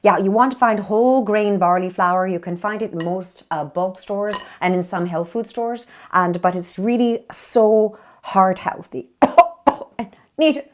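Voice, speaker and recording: A woman's voice: medium pitch, a little slow. Cheeky woman in a put-on Irish accent. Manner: playful and cheeky, swears for laughs. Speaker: cooking show host. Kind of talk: comic cooking demonstration. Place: kitchen.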